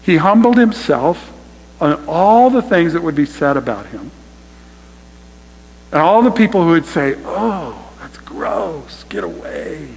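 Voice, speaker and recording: A man's voice: on the high side, sing-song, a little slow, long pauses, a little mellow, in a large hall, slight background noise, low-quality recording. A man preaching a sermon to his congregation, emphatic and direct, often calling them "you guys". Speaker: pastor. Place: church sanctuary.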